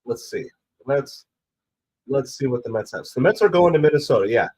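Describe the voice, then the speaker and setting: Hoarse man calling a game casually. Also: fairly quick, a little hiss or hum. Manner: rambling, excitable about pitches. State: hoarse from a cold, stuffy nose. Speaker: live stream host. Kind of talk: casual play-by-play chat.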